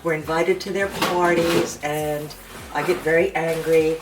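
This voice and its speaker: A woman's voice: sits low, steady tone, unhurried, very noisy. A middle-aged woman, a mother chatting at home in a wry, joking-complaint way. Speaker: the vlogger's mother. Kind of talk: casual family chat. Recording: home video with kitchen clatter.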